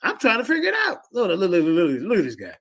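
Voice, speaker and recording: A man hosting a show, loudly mocking and ribbing a guest over played clips, with a gravelly, husky voice. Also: sits high, wildly swooping pitch, quick pace. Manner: loud, mocking, shouting in disbelief. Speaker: show host.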